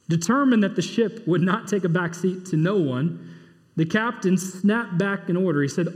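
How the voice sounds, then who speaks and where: A pastor preaching a sermon, swinging between loud, emphatic bursts and low, quiet asides. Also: male voice, normal speed, long reverb tail.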